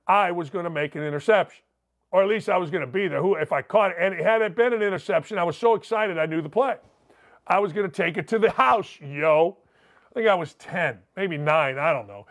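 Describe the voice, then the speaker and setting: Brash, high-pitched sports talk host man. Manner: brash, animated, reads listener emails with loud gusto. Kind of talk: sports talk radio monologue.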